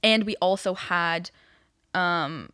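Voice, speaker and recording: A woman's voice: on the low side, slow pace, clean tone, no room sound, studio quality. A young woman telling a spooky story from her own life in casual chat, rambling with lots of fillers. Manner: rambling, many fillers, animated retelling.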